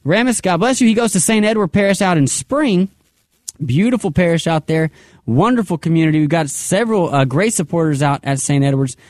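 A man with a fairly high voice hosts a radio pledge drive in an upbeat way. He prays aloud between appeals and keeps repeating the phone number. The studio sound is dry and close. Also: lively intonation, fairly quick, darkish tone, no echo. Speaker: radio fundraiser host.

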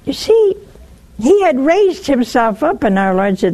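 Animated woman preaching, whispering for emphasis. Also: high-pitched, a little slow. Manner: wry, teasing the listeners. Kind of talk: broadcast sermon.

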